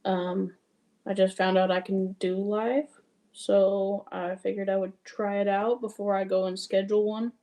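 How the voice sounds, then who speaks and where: Her voice is medium-pitched, mellow, and flat, moving at an unhurried pace. She's a Wyoming cross-stitch streamer whose accent mixes Wyoming and Southern Louisiana, casually talking and answering comments from viewers.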